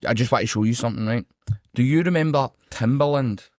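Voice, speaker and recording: A man's voice: medium pitch, fast talker, darkish tone, no echo, clean studio sound. A man with a Scottish accent co-hosting a podcast, chatting casually, laughing often and swearing freely. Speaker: podcast co-host. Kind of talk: casual banter.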